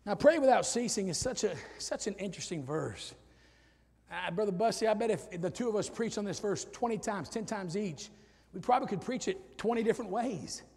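A middle-aged male pastor preaching a sermon, swinging from loud shouted peaks to low quiet asides. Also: expressive, fairly quick, vocal fry, husky. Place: church sanctuary with long reverb. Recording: reverberant church hall.

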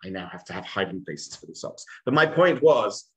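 A man's voice: medium pitch, very animated, a little fast, hardly any pauses, a bit bright, poor audio. An English man in his forties, a rabbi giving a humorous storytelling lesson in a chatty, self-mocking way. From England.

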